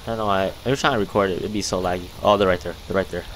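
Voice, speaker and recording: A man's voice: low-pitched, fairly even intonation, rapid-fire, a bit bright, slight background noise. A young man giving casual, jumpy commentary while playing a game, often startled and calling everyone "bro". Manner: jumpy, easily startled, says "bro" constantly. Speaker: gaming youtuber.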